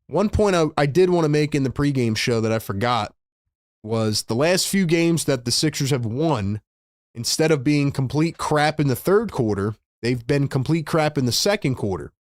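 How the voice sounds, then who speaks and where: Male stream host, mid-pitched voice, dry close mic, casual fan play-by-play, quick to get worked up. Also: dry recording. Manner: excitable, frustrated fan talk with slang.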